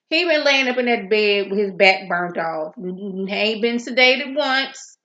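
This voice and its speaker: A woman gives a casual episode recap, full of sassy asides and quick acted-out quotes. Her voice sits at an ordinary pitch. The recording is muffled and carries noticeable room echo. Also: sharp tone. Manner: chatty, sassy asides, acts out characters' lines. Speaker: TV episode reviewer.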